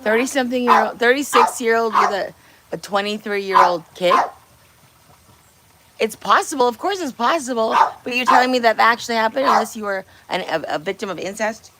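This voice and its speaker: A woman hosts a casual livestream from her home kitchen, chatting with viewers in a blunt, teasing, profane way. Her pitch is fairly high and her pace fairly quick, in a very noisy recording.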